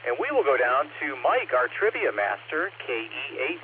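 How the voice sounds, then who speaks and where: A man's voice: mid-range voice, moderate pace, phone-quality sound. Man running a ham radio net. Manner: friendly, steady call-sign reading. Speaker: pre-net control operator. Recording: radio transmission, faint hum.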